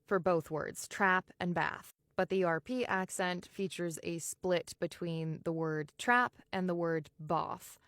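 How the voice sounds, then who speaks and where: A woman's voice: fairly low pitch, no room sound. American woman explaining accents, close and dry. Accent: General American. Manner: explanatory, slows to sound out vowels. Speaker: audiobook narrator. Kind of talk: casual accent tutorial.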